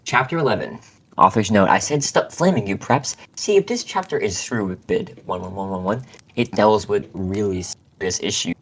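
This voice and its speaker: This man's voice is on the low side, slightly rough and animated, moving at normal speed. As a co-host he reads a fanfic aloud to a friend on a voice call in a casual, giggly way, often stumbling and stopping to laugh.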